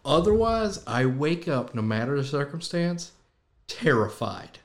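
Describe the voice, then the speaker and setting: A man guesting on a podcast, telling stories in an animated, joking, casual way. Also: a little high, a little slow. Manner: animated, jokey storyteller. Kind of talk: casual chat.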